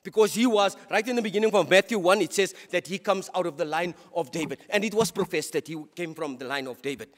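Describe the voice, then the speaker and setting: A South African man preaches a sermon in a church, his voice pitched unusually high for a man. He talks with fervour, trips over words and repeats them before pushing on. His voice rings out with a long reverb through the church. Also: fast talker, hardly any pauses. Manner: impassioned, with frequent stumbles and repeated words. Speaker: deacon preaching.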